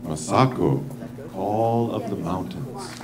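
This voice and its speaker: A man's voice: deep voice, lively intonation, slow pace, music in the background. A man presenting awards live on stage, effusive and exclamatory, gasping and sighing between lines. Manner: effusive and exclamatory, with gasps and sighs. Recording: noisy live theater recording.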